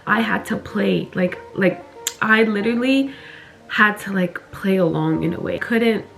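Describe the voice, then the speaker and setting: Young girl doing a storytime vlog, says like constantly, swears, soft music under it. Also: mid-range voice, creaky. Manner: fast, heavy on "like", swears, animated retelling. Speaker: vlogger.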